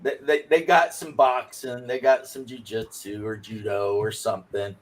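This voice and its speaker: A man's voice: medium pitch, flat delivery, moderate pace. A man co-hosting a livestream in casual chat, telling rambling stories with stammered restarts. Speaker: livestream co-host.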